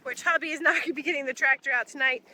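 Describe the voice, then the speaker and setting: A woman's voice: high voice, fairly even intonation, rapid-fire, bright, forceful tone, a little hiss or hum. A young woman vlogging on her farm, chatting casually as she works outdoors in a pasture and calling her cattle in a sing-song voice. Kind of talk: casual chat while doing farm chores.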